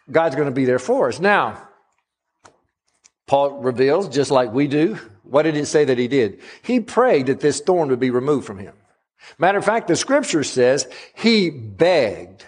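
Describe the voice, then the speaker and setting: A man preaching a sermon as pastor, with dramatic pauses and slowed, emphatic phrases. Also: on the high side, breathy edge.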